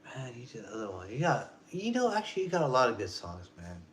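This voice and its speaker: Casting: vlogger in his forties, rambling profane rant, mid-pitched voice, loose slang. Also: huge pitch swings, fast, fairly bright tone, slight background noise. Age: 40s. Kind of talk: casual rant.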